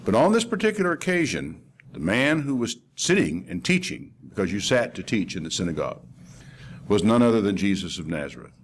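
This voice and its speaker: An older man delivers a sermon in an easy, conversational way and swings his pitch widely as he retells the story. He acts out the quoted voices with animation. A faint hiss sits under the recording. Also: sing-song, a little fast. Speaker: preacher.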